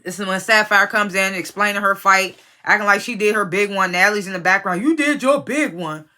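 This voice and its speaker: A woman with a bright, forceful voice and a mid-range pitch runs through a reality-show episode in casual commentary. She is blunt, swears freely and talks straight at the cast members she is criticizing. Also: flat delivery, fairly quick. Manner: blunt, profane, opinionated. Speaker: reality TV reviewer.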